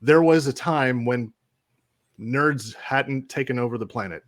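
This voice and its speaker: A man's voice: mid-range voice, a little slow. A man in casual podcast chat, speaking in a reflective, earnest way.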